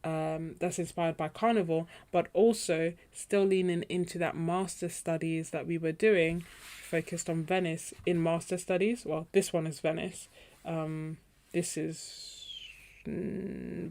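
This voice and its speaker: A woman with a slightly low-pitched voice hosts a painting livestream from her home studio. She chats casually with her viewers, wanders from thought to thought, and often trails off while she hunts for a name. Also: fairly even intonation, a little slow, darkish tone. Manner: chatty and meandering, often trailing off and searching for names. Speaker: artist hosting a painting livestream.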